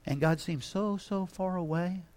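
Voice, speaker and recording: A man preaching a sermon with dramatic delivery, swinging between hushed reflection and loud, emphatic passages. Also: high voice, measured pace.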